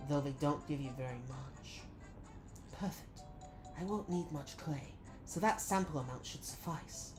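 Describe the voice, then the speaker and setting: A woman reading aloud as a gentle, earnest female sculptor, formal and in a put-on British accent. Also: low voice, unhurried, music in the background, pitched below the performer's own voice, low-quality recording. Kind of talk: reading game dialogue aloud.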